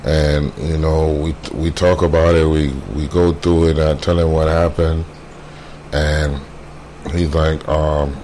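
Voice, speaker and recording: A man telling a painful personal story in a casual way, halting often with fillers and repeated words. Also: very deep voice, flat delivery, warm tone, slight background noise. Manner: quotes others in a brisk voice.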